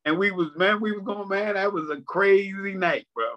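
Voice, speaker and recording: A man's voice: high voice, moderate pace. A male stand-up comedian in casual chat, reminiscing in a laid-back way. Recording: dull lo-fi sound.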